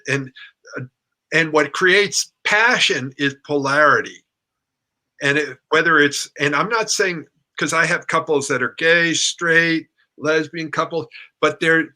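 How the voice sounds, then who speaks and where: A middle-aged man, a relationship coach, talking in a playful, animated way and acting out his reactions. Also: on the high side. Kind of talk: casual conversation.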